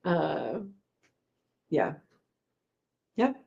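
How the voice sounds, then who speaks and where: With a low, creaky voice and a very slow delivery, a woman hosts a homesteading live chat. She casually reads viewer comments aloud, laughs a lot, and trails off with fillers, all captured in dull-sounding audio.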